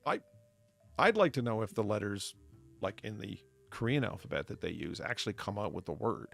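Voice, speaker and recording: A man's voice: lowish voice, big pitch swings, brisk, creaky, fairly bright tone, faint music behind. A man co-hosting a casual chat show, rambling and profane as he riffs on trivia. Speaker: podcast co-host.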